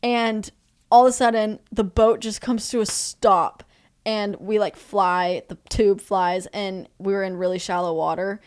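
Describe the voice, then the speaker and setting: A woman's voice: medium pitch, measured pace, smooth. A young woman from Texas, a podcast guest, telling rambling stories in a casual chat. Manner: animated, rambling storyteller. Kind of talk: casual storytelling.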